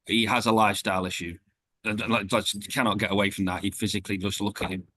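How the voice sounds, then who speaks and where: A man co-hosting a football chat show, speaking in a lowish voice. He states his views bluntly and does not hedge. The recording is dry, with no room echo. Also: flat delivery, quick pace, pushed and bright. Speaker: podcast co-host.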